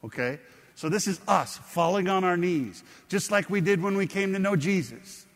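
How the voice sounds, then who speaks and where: A man's voice: sits high, normal speed, big-room sound. A man preaching a sermon, explaining a scripture story in a conversational way and putting questions to his congregation. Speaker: pastor.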